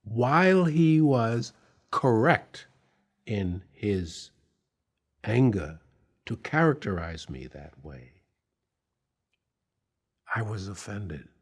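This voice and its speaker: A man telling a personal anecdote in an interview, slow and deliberate, pausing with fillers. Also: lowish voice, very animated, slightly rough. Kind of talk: storytelling anecdote.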